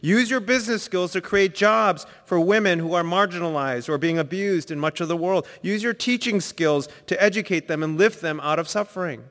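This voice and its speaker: A man preaching a sermon, telling a personal story, sometimes quiet and reflective, sometimes emphatic. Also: high voice, moderate pace, few pauses, in a large hall. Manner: storytelling, shifts between soft reflective and emphatic. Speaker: pastor. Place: church sanctuary.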